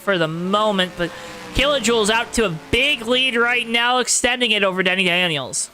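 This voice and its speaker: In poor audio with slight background noise, a man gives exaggerated announcer-style play-by-play of a sim race, speaking to viewers directly. His voice is high-pitched and sharp, and he keeps a moderate pace.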